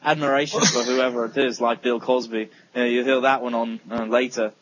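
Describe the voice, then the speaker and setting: A man's voice: medium pitch, steady tone, fairly quick, a bit bright, dull audio, slight background noise. A young man co-hosting a casual gaming podcast, rambling with lots of fillers and teasing his friends. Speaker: podcast co-host.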